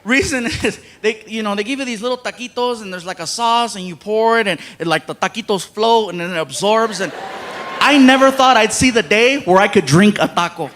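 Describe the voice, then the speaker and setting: A male comedian telling stories on stage, animated and acting out voices. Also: sits high, fairly quick, a little hiss or hum. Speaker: stand-up comedian. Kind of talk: stand-up storytelling. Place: live show before a loud crowd. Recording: live stage mic with loud crowd.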